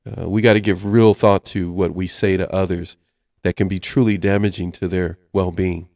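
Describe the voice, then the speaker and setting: Low-voiced man hosting a talk show. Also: flat delivery, normal speed, darkish tone, no echo, studio quality. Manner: chatty, reads list items aloud, chuckles often. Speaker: host. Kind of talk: casual radio talk show.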